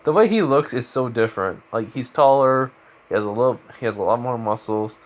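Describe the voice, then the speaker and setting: Male storyteller, mid pitch, loose rambling improvised delivery. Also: lively intonation, a little fast, muffled recording. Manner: rambling, full of fillers and restarts. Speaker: fan-fiction storyteller.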